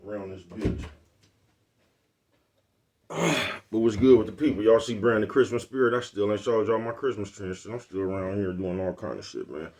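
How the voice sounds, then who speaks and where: Laid-back, boastful man with a lowish voice. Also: a little fast, a little mellow. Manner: laid-back, boastful, keeps asking "you know what I'm talking about"; chuckles between phrases. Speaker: vlogger, own channel. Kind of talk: casual rambling vlog talk.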